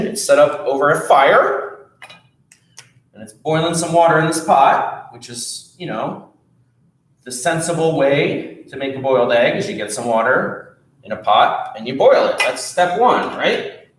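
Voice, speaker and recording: Animated man telling a children's story. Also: mid-range voice. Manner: animated, drawing while telling. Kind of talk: storytime read-aloud. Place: library room. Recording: echoey room.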